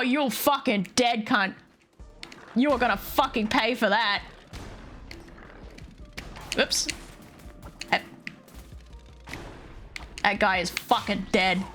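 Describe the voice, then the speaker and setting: A woman streamer giving live gameplay commentary, excitable and foul-mouthed, often talking straight to the characters in the game. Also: on the high side, slow pace, long pauses. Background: faint game music.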